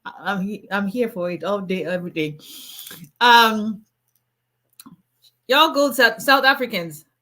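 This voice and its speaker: A woman's voice: medium pitch, a little slow, pauses often, pushed and bright. A woman, an immigration attorney, chatting playfully and laughing with viewers on a casual livestream.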